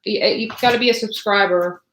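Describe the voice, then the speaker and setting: A woman's voice: mid-range voice, fairly quick, echoey room, noisy background. A woman giving a live tarot reading to viewers, chatty and rambling, full of fillers and restarts. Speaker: tarot reader.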